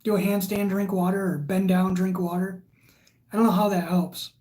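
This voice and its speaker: A woman's voice: medium pitch, little pitch movement, moderate pace, warm tone. A woman hosting a casual livestream, reading viewer comments aloud and chatting in a rambling way. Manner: chatty and rambling, with frequent fillers. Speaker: livestream host.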